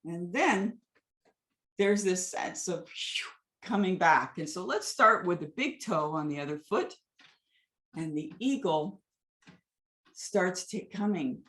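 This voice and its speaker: A woman teaching a gentle foot exercise, weaving a story into soothing, calm instructions. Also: fairly low pitch, slow pace, long pauses, reverberant. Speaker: movement teacher.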